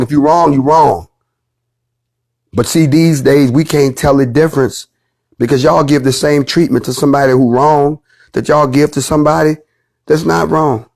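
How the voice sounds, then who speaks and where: A middle-aged organization leader addresses his followers in a casual, emphatic livestream full of blunt slang and profanity. His voice is medium-pitched and a little mellow.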